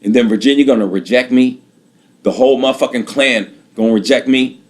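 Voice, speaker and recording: A man in his late thirties delivers a bitter, aggrieved personal monologue, repeating himself and swearing often. His voice is medium-pitched and a little fast.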